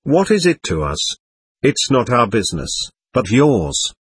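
A man reading the part of a nervous, formal male investigating lawyer in an audiobook, pitched a little higher than his narration. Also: huge pitch swings, unhurried, husky, dry recording, full character voice.

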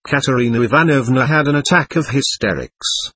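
A man narrating a classic novel as an audiobook, in a measured, expressive reading. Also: medium pitch, breathy edge. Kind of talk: scripted narration.

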